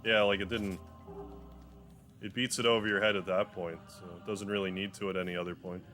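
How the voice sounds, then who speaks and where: Low-ish guy streaming a game, rambly jokey commentary. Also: little pitch movement, brisk, a bit bright, soft background music. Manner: rambling, joking. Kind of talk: casual live gameplay commentary.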